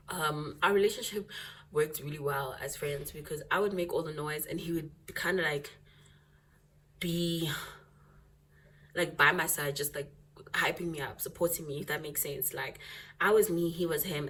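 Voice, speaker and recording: Animated young woman telling a story. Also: sits low. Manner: animated, dramatic, laughs a lot. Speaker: vlogger. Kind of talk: storytime chat.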